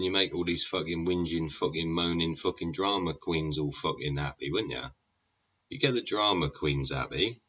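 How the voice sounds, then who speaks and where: Deep-voiced man host, husky, swears constantly, tag questions, dull lo-fi sound. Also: sharp tone. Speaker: podcast host. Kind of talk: sweary rambling monologue. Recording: dull lo-fi recording.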